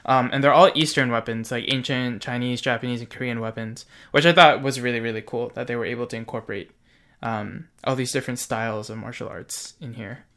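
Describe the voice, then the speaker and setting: Bright, smooth-voiced young man sharing trivia. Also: mid-range voice, fairly even intonation. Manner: shares trivia in a measured, explanatory way. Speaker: podcast co-host. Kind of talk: casual fun-fact chat.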